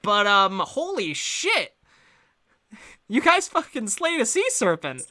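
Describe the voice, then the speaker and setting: A game master voicing an excitable, foul-mouthed woman who bursts into loud, swearing exclamations. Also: medium pitch, measured pace. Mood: elated.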